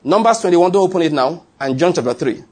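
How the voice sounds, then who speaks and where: A man's voice: on the high side, expressive, fast talker, a little mellow, slightly rough. A man preaching a sermon, teaching with emphatic repetition and reading scripture aloud.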